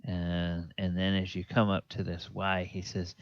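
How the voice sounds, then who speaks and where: Sex: man. Role: dungeon master. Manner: slow, hesitant, many fillers. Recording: dry, dull lo-fi. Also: low voice, monotone, slight background noise. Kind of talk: narrating a tabletop game.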